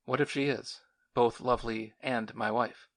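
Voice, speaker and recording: A man voicing a bitter, wounded young male war veteran with a hoarse, curt way of speaking. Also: mid-range voice, slow, a bit bright.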